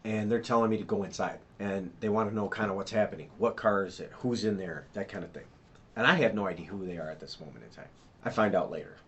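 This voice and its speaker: A man recounts events to detectives in a rambling, restless way, full of restarts. His voice sits on the low side, with faint background hum in the interview room. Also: fairly bright tone, muffled recording. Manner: rambling, fast, restarts and sketches a map as he talks. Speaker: witness being interviewed by police. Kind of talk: police interview statement.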